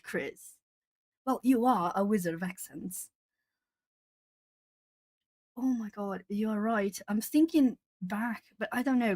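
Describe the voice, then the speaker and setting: An animated young woman who hosts an art channel chats casually with her viewers, laughing often and repeating and restarting her words. Her voice is at an ordinary middle pitch for a woman, recorded dry with no room sound or echo.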